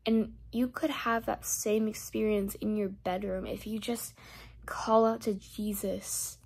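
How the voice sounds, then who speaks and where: A young woman in a casual vlog who shares a faith testimony and then leads a spoken prayer. She talks earnestly, repeats her phrases and drops to soft whispers as she prays. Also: mid-range voice. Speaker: vlogger sharing a faith testimony.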